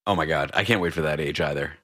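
A man's voice: very deep voice, quick pace, fairly bright tone. A man hosting a talk show, telling stories in a wry, self-mocking way. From dual citizen. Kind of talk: casual talk show chat.

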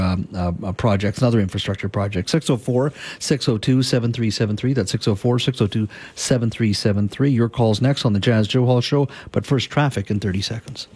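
Husky-voiced radio host. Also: male voice, on the low side, darkish tone, dry recording. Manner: conversational, hesitant with fillers. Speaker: radio talk show host. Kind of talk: talk radio interview and call-in.

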